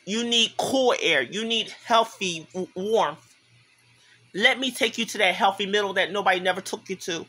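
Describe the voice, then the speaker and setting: Man, tearful, impassioned, repetitive, high pitch, bright tone. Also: moderate pace, slightly rough. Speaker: vlogger. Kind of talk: emotional direct-to-camera monologue.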